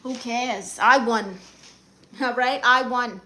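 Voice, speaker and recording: Reading out comments from her viewers, this Brooklyn-accented woman keeps her live stream chat casual, sassy and brash. She speaks slowly in a fairly high, steady voice with a bright, forceful tone.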